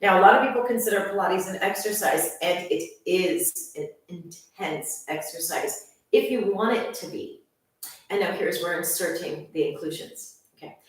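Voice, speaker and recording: Chatty woman, far off in echoey room. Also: on the low side. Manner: chatty, enthusiastic, speaks straight to viewers. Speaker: fitness instructor. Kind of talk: casual channel introduction.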